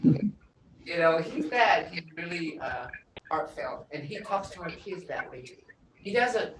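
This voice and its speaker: A middle-aged woman teaching a language class, drawing out words slowly and carefully as she explains. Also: on the low side, distant mic, noisy background. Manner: lively, drawn-out teaching with slow spelled-out phrases. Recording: echoey room, voice a bit off-mic.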